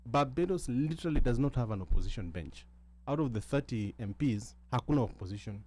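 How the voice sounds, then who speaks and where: A Kenyan man telling a story in a casual panel discussion, with many halting restarts. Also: medium pitch, lively intonation, warm tone, a little hiss or hum. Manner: halting, many restarts, switches between English and Swahili. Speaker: guest.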